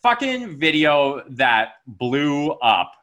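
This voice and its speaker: A man hosting a podcast, talking casually in an animated, swearing, emphatic way. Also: fairly high pitch, drawn-out words. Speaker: podcast host. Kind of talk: casual chat.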